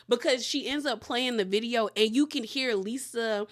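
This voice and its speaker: A woman with a high voice casually retells a reality TV episode. She talks in an animated way and acts out the quarrels line by line, often breaking into laughter as she goes. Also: moderate pace. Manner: animated retelling, acting out quotes; laughs often while talking. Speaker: recap show host.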